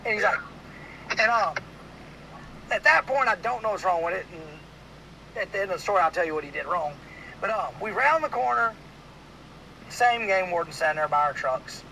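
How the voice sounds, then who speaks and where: High-voiced bright storyteller. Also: male voice, moderate pace, gravelly, long pauses, a little hiss or hum, low-quality recording. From Louisiana. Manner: rambling, animated storyteller with many "like"s. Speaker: podcast host. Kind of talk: casual storytelling chat.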